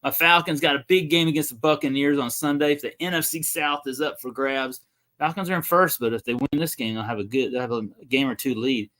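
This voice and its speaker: A man's voice: medium pitch, steady tone, a little fast, fairly bright tone. A young man, hosting a casual livestream and rambling to viewers. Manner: rambling, chatty, talks to viewers. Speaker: livestream host.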